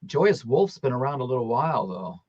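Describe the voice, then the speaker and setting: A man leads a casual interview chat, musing aloud and agreeing quickly. His pitch moves around a lot as he talks. The recording of him is dull and a bit lo-fi. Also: very animated, a little mellow, no echo.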